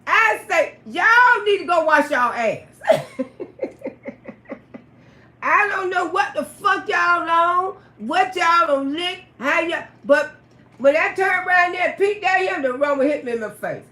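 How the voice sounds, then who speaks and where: Woman telling a wild story on a live stream, swears a lot, keeps laughing, bright sharp voice. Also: very high voice, unhurried. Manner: profane, laughs often, loud outbursts. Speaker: livestream storyteller. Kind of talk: casual storytelling. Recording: roomy echo.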